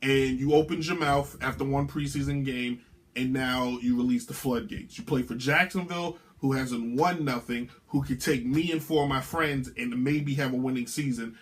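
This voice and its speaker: A man's voice: mid-range voice, fairly even intonation, normal speed. A man hosting his own sports show, giving brash, opinionated takes in a sing-song, ranting way. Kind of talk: opinionated sports commentary monologue. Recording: music bed underneath.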